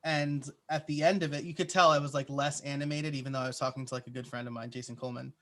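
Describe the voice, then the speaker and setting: A man's voice: medium pitch, fairly even intonation, fast talker, fairly bright tone. A man answering interview questions in a casual, chatty way, with plenty of "uh" and "like" fillers. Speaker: podcaster guest.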